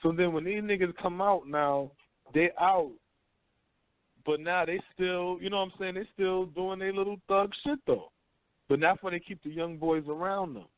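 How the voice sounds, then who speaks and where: A man hosting a talk radio show, telling stories in rough, profane street slang. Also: high-pitched, steady tone, normal speed, no echo. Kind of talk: casual talk radio chat. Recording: dry phone-line call-in audio.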